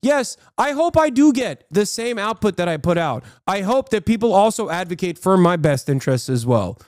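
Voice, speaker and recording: A man's voice: sits high, big pitch swings, moderate pace, darkish tone, no room sound, clean studio sound. An American man live-streaming, reacting to posts and chat in a profane, combative, mocking rant. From United States.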